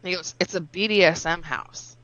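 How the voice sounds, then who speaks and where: A woman telling animated stories in casual chat with friends, swearing and laughing as she goes. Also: on the low side, a little fast, dull audio. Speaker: storyteller among friends.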